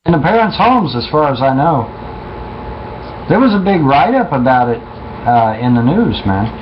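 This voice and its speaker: A man's voice: fairly high pitch, sing-song, normal speed. A man casually telling a long story to his listeners, profane and rambling, often repeating and restarting himself. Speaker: streamer talking to listeners. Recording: muffled with clear background noise.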